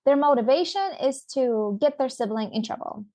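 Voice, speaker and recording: Woman, 30s, podcast host; higher voice, dry close sound, chatty and quick to laugh. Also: dark tone, dry recording. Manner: chatty, laughs often, acts out kids' voices. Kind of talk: casual interview chat.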